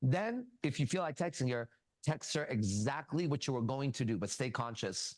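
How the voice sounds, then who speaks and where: A man hosting a casual talk show, coaching a younger man bluntly and profanely and telling animated stories with quoted dialogue. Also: mid-range voice, moderate pace, dry recording. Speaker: host. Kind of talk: casual advice talk and storytelling.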